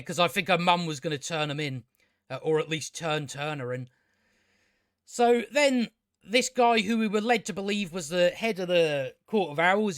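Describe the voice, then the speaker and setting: A man's voice: on the high side, fairly bright tone, no echo, clean studio sound. A man giving a casual spoken TV review, ranting sarcastically with lots of swearing and filler words. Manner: sarcastic, sweary, rambling rant with many fillers. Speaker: TV show reviewer.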